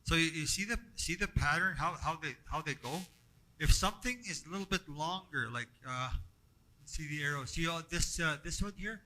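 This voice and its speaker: Man, classroom instructor, halting speech, repeated words, slightly high, very bright tone. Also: low-quality recording. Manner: halting, repeats words, asks the group questions. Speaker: language workshop instructor. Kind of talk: classroom teaching.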